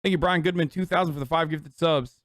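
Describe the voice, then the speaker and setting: A man's voice: fairly high pitch, fairly even intonation, fast talker, fairly bright tone, no room sound. A man in his thirties ranting and mocking in profane, casual live-stream commentary.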